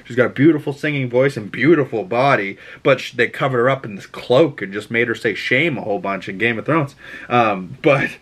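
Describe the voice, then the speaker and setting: A man's voice: medium pitch, fairly bright tone, husky. A man with a Boston accent hosting a casual TV episode recap, rambling and enthusiastic, with lots of filler words and mild swearing. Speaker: TV recap host.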